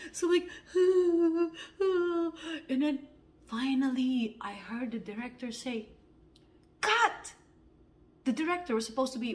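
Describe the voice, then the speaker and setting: A woman telling stories to the camera for an audition, acting out the quotes, with lots of fillers. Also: medium pitch. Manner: animated, acts out quotes with many fillers. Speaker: actor auditioning. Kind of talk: casual storytelling to camera.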